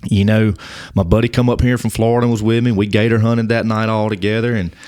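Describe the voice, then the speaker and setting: A man speaks in a lowish, dry voice and gives his testimony as a podcast guest. He is earnest and halting, and he often restarts and repeats his words. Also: flat delivery, a little mellow, clear, resonant tone, no echo. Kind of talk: personal testimony in casual conversation.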